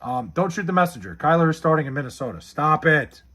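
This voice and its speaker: A man's voice: on the high side, expressive, fast, pushed and bright. A man casually chatting on a live stream, reading chat messages and answering with profane, sarcastic banter.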